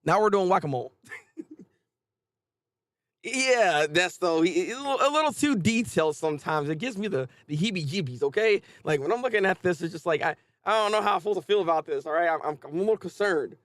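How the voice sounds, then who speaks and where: Animated, high-voiced man reacting casually. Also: brisk, dry recording, studio quality. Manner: chatty, animated, stammering restarts. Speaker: manga reaction host.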